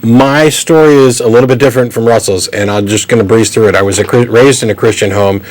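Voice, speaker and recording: Younger guy co-host, low voice, talks fast and clear, call-in show. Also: a little mellow, slight background noise, poor audio. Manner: brisk, articulate storytelling.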